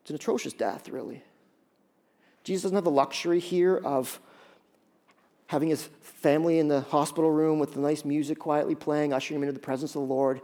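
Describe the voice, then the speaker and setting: A middle-aged man preaching a sermon as pastor, dramatic and often dropping to a hushed tone. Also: on the high side, fairly even intonation, a little fast. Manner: dramatic, acts out quoted voices, drops to hushed tones.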